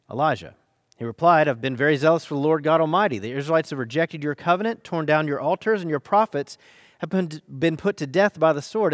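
An American man preaches a sermon in a somewhat high voice, leaning into key phrases and slowing down to stress them. The sound is dry and close, with no room around him. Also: no room sound. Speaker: pastor.

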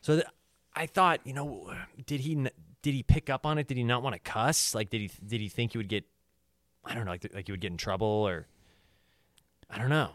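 A man's voice: mid-range voice, a little fast, fairly bright tone, no echo, clean studio sound. A man hosting a casual podcast, rambling with many restarts and laughs. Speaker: podcast host.

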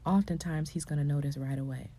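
A low-pitched woman speaks to other women like a coach giving a faith-filled pep talk. Her voice is mellow and a little husky, often dropping to a hushed, breathy tone. Then it climbs into loud, emphatic exclamations. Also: steady tone, fast talker.

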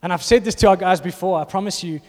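A man's voice: high voice, fast talker, darkish tone. A man, preaching a passionate sermon to his church. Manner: passionate, rising to emphatic bursts. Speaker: pastor. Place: church auditorium. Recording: long reverb of a large hall.

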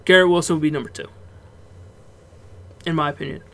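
A brisk, somewhat high-voiced man co-hosts a casual sports podcast. His manner is relaxed and loose, with free swearing and moments where he breaks off laughing.

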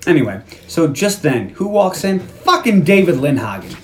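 A man's voice: a little high, normal speed, a little hiss or hum. Man swearing through a movie recap. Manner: animated retelling, acting out characters' lines, swears. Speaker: podcast host. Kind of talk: casual movie recap chat.

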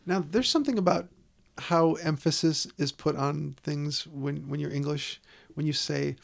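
A man talks films in loose, easygoing chat, his voice a touch high and gravelly. He is animated and playful. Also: normal speed. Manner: animated, playful, slips into silly put-on voices. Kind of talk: casual chat.

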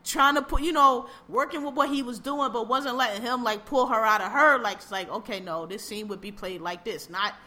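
A woman on a podcast tearing into a TV show in loose, blunt conversation. Her voice sits a bit high and comes across bright and forceful, and she piles up repeated words as she gets worked up. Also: brisk, hardly any pauses. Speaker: podcast co-host. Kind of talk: casual chat reviewing a TV show.

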